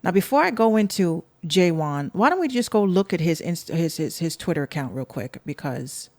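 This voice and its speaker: A woman's voice: fairly low pitch, sing-song, moderate pace, no room sound. A woman from the Bronx with a New York accent, hosting a podcast in a blunt, profane, sarcastic rant aimed at her listeners. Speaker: podcast host.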